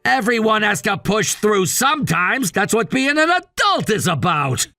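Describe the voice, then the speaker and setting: A man voicing a controlling, scornful husband in a text-message story, dismissive and given to shouting. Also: high voice, very animated, measured pace, no room sound, clean studio sound, faint music behind, exaggerated voice. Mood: angry, scornful. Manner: bossy and dismissive, shouting at times.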